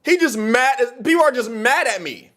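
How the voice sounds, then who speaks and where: A man's voice: extremely high pitch, moderate pace. A man making a heated, profane monologue video, ranting to the camera as a content creator. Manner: heated, profane, animated rant.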